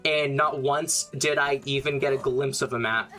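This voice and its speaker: A man's voice: mid-range voice, fairly even intonation, moderate pace, sharp tone, soft background music. A young man casually commenting while streaming a game, blunt and rambling, swearing often.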